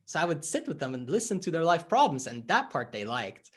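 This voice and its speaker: Animated, expressive male life coach. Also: fairly high pitch, fairly quick, breathy edge. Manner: animated, acts out dialogue in stories. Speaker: life coach, interview guest. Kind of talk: conversational explanation.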